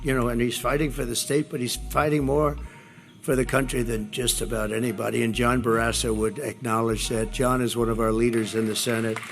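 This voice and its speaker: A man's voice: medium pitch, vocal fry, fairly bright tone. A man giving a rambling, repetitive campaign rally speech, boastful and full of asides. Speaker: politician addressing a rally.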